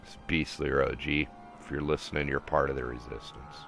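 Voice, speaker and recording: A man's voice: rumbling low, level tone, fairly quick, creaky, music in the background. A young man ranting in an angry, profane monologue, heated and preachy, in a car. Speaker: vlogger. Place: in a car at a drive-through.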